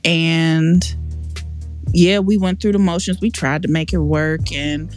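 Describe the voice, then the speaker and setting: A woman's voice: deep voice, steady tone, measured pace, darkish tone, faint music behind. A woman guest on a podcast, telling a painful personal story in a frank, emotional, slangy way with many restarts.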